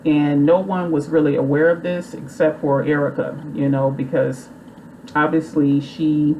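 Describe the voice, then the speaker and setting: A woman with a low voice recaps a movie plot in a rambling, chatty way, loose and full of fillers. A faint hiss of noise sits under her voice. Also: flat delivery, unhurried, warm tone, lo-fi sound. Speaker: movie reviewer.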